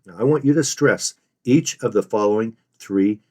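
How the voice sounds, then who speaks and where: A man's voice: fairly low pitch, normal speed, a little mellow. A man teaching fellow online resellers in an earnest, emphatic way, stressing and repeating his main points. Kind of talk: instructional talk.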